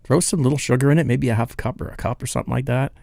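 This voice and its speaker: A man's voice: medium pitch, very fast, vocal fry, a little mellow, no echo, clean studio sound. Chatty man hosting a live brew stream. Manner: rambling and self-deprecating, chuckling, loses his place reading chat. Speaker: host of a live home brewing show. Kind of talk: casual live-stream chat, reading viewer comments.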